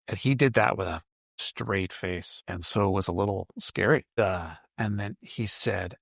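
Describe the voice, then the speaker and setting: A middle-aged man with a lowish voice tells a story on his own podcast. He talks in a loose, conversational way, pausing on fillers and correcting himself. The sound is close and dry. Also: gravelly, no room sound. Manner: relaxed, conversational, with frequent fillers and self-corrections. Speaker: podcast host. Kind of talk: casual storytelling monologue.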